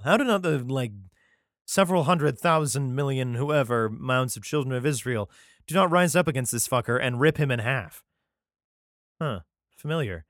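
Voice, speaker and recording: A man's voice: mid-range voice, normal speed, a bit bright, no room sound, studio quality. A man reading archaic scripture aloud, breaking off into irreverent, profane comic asides, sometimes stumbling over the words. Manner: irreverent, profane interjections between archaic verses; stumbles and restarts while reading. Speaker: reader and commentator.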